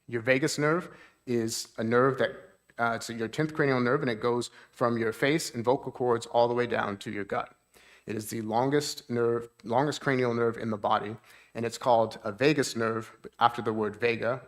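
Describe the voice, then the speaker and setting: A man's voice: mid-range voice, fairly even intonation, moderate pace. A man, a therapist, giving a talk at a church seminar. He explains things plainly, keeps checking in with the audience, and lifts his voice to act out moods.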